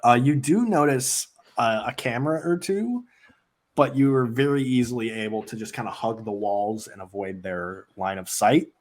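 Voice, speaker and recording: A man narrating as game master of a tabletop role-playing game, loose and relaxed with many fillers. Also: mid-range voice, normal speed.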